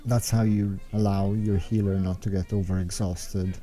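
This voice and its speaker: A man's voice: sits low, level tone, moderate pace, warm tone, soft background music. A young man giving unscripted, meandering strategy commentary over gameplay footage, thinking aloud as he explains. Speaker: game strategy guide maker.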